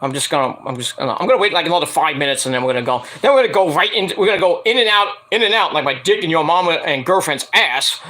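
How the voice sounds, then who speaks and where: A man's voice: fairly high pitch, animated, very fast, few pauses, sharp tone. A man rambling casually to camera as a wrestling vlogger, swearing freely and full of fillers. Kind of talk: casual profane chat to camera.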